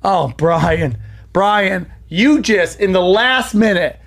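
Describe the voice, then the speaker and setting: A man's voice: high voice, lively intonation, takes it slowly, vocal fry, fairly bright tone. A male podcast host in casual banter, teasing and insistent as he needles his co-host.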